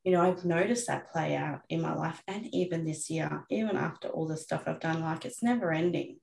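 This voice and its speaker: Gravelly-voiced mum in her thirties, candid chat, echoey room. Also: low-pitched, a little fast, a little mellow. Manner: frank and reflective, swears casually. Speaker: guest coach. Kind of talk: candid podcast conversation. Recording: roomy echo.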